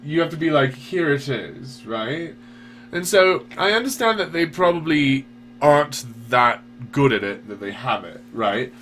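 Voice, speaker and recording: A man's voice: on the high side, animated, normal speed, a bit bright. A man explaining a point casually with frequent profanity. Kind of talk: casual chat. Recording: recording with faint hum.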